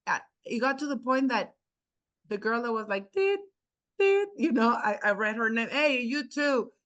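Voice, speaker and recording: A woman who works as a real estate agent, not a native English speaker, tells a story to a class with lots of animation. She acts out the dialogue and frequently restarts her sentences, speaking at a moderate pace in a fairly high pitch.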